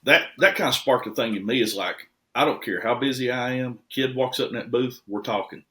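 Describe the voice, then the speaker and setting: A man's voice: mid-range voice, a little fast, fairly bright tone. A middle-aged man from Tennessee, a podcast guest who rambles and repeats words as he tells stories in casual chat. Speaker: guest, restoration shop owner.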